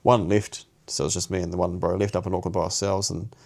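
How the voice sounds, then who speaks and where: With a low, gravelly, darkish voice, this young New Zealander speaks quickly in a level tone. He's co-hosting a podcast, and his personal story comes out as casual, slangy, sweary chat full of restarted sentences.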